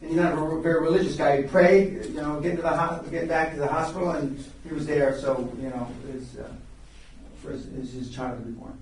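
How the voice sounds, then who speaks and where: A man's voice: on the high side, steady tone, a little fast, slight background noise. An older man telling stories at a live seminar, blunt and profane, often stopping to restart his sentences. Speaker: seminar speaker. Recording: very echoey room, recorded from far off.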